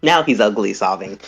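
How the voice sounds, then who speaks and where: Slow, hesitant tabletop player narrating. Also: mid-range voice. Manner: hesitant, halting, soft. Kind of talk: quiet in-character narration of a tabletop game.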